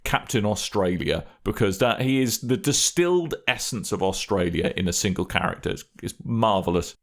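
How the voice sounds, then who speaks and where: A man's voice: on the low side, lively intonation, moderate pace. A man co-hosting a gaming podcast in casual chat, full of wry, jokey asides. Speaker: podcast co-host.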